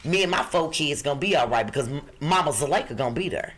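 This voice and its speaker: A middle-aged woman from the Midwest with a rough-edged voice, co-hosting a podcast and reading out job listings in a brassy, emphatic, joking way. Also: sits low, expressive, fast talker, a little hiss or hum. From Chicago. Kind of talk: lively podcast chat.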